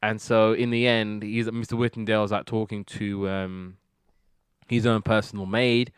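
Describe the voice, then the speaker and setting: A man's voice: lowish voice, flat delivery, moderate pace, smooth, no echo, clean studio sound. A man casually recapping TV sitcom episodes, rambling with lots of fillers and slipping into quoted character lines. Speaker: TV review podcast host.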